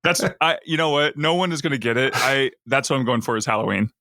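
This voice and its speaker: A man co-hosting a podcast, chatting casually with quick jokes and frequent laughter. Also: medium pitch, sharp tone, no echo, studio quality. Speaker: podcast co-host. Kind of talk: casual chat.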